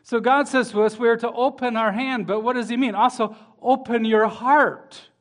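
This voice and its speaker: A man with a high voice preaches a sermon. He reads passages of scripture aloud and presses his points home with building emphasis. At times he turns to speak to the children in the congregation. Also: fairly even intonation, normal speed. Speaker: pastor.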